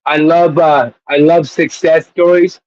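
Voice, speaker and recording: A man's voice: fairly high pitch, steady tone, unhurried, darkish tone, no echo, highs cut off. A man co-hosting a casual sports chat show, rambling and laughing as he tells stories. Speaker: co-host.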